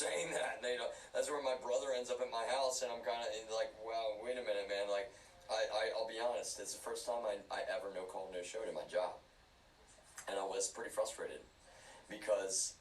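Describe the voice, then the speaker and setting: A man with a very low voice rambles through a livestream, earnest and insistent, circling back to repeat his points. He sits some way from the microphone in a roomy space. A faint hiss runs underneath. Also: distant mic. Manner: rambling, repeats himself and restarts often.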